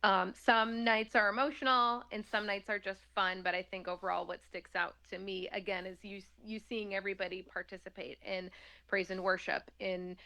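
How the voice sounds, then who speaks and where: A woman's voice: medium pitch, level tone, moderate pace, sharp tone. A woman talking casually as an interview guest, chatty and laughing often, with many fillers.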